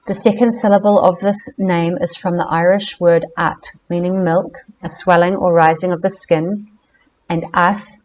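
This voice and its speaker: Woman, lowish voice, careful book reading, measured delivery. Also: steady tone, darkish tone, rough recording. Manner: careful, measured reading with self-corrections on names. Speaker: reader of a book.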